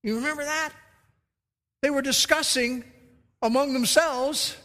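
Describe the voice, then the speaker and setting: A man's voice: very high-pitched, steady tone, measured pace, long pauses, sharp tone. A man preaching a sermon as pastor, emphatic, acting out the quoted lines. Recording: reverberant hall.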